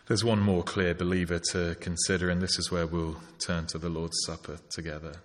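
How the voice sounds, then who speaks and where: A man's voice: deep voice, flat delivery, a little fast. Man preaching in a reverberant hall. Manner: reflective, asks rhetorical questions. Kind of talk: sermon.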